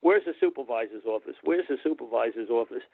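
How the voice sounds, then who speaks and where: A man voicing a blunt, crude old male wrestling manager in a deadpan way. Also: medium pitch, fast, vocal fry, dry recording. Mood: gruff. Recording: tinny phone-like line, dry.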